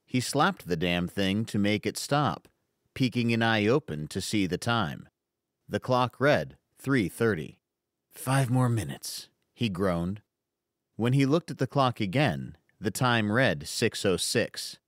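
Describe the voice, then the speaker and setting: A man narrating an audiobook in an expressive storytelling manner. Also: medium pitch, no echo, clean studio sound.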